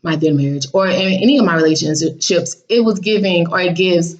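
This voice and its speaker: A woman's voice: lowish voice, brisk. A woman casually telling her viewers about a dream, blunt and sassy, acting out what people said in raised voices. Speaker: vlogger recounting a dream.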